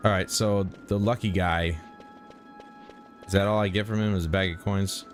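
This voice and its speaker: Man, gaming streamer, low voice, blunt and sarcastic, swears freely, faint game music behind. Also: steady tone, moderate pace. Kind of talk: casual gameplay commentary.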